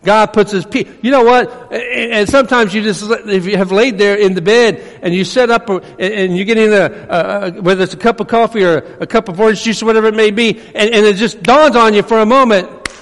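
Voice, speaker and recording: A man preaching a sermon as pastor, swinging between emphatic preaching and hushed asides. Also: sits high, fairly quick. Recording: long reverb of a large hall.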